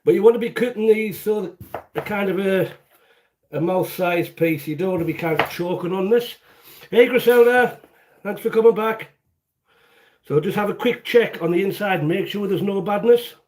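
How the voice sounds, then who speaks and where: A man's voice: high voice, normal speed, darkish tone, slight background noise. A man from the UK hosting a casual live cooking stream from his home kitchen, chatty and jokey, rambling as he greets viewers by name. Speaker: cooking show host.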